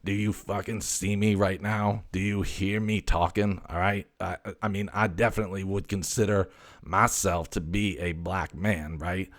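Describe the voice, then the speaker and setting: Speaking at a normal speed with a deep, fairly evenly inflected voice, a man gives life to a brash tomcat who curses nonstop. His character brags, struts, and rambles along with stammers.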